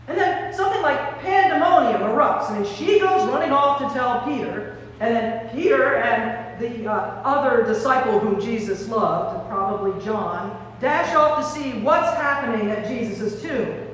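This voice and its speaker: A woman preacher giving an Easter sermon, telling the story with animated, theatrical storytelling. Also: fairly high pitch, a little slow, a little hiss or hum. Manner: animated storytelling, acting out scenes. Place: large church sanctuary. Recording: echoey hall from a distant mic.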